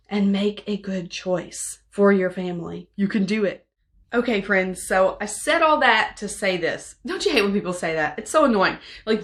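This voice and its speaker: A middle-aged woman coaching parents in an encouraging talk, lively and animated, acting out little outbursts in quotes. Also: mid-range voice.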